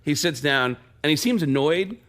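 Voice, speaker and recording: A male comedian guest on a radio show, telling anecdotes full of quick impressions. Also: fairly high pitch, expressive, fairly bright tone.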